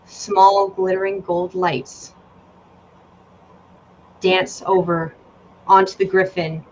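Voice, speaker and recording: A woman narrating a tabletop game as game master, casual and given to swearing. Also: medium pitch. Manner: casual, swears, draws out descriptions. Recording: dull lo-fi audio with faint ambient noise.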